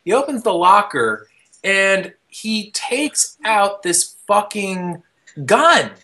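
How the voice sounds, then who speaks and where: A young man hosting a podcast, telling a long story in casual, rambling chat, full of fillers, restarts and casual swearing, shouting out the quoted lines. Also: sits high, slow pace. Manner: animated, loose storyteller with many fillers and restarts. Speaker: podcast host.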